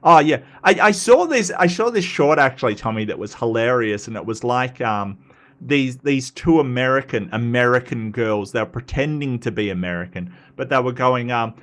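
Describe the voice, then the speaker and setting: A man's voice: medium pitch, expressive, moderate pace, a bit bright. A man hosting a live talk stream, chatting casually and answering viewer comments with lots of fillers and restarts. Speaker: livestream host. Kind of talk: live commentary reading chat.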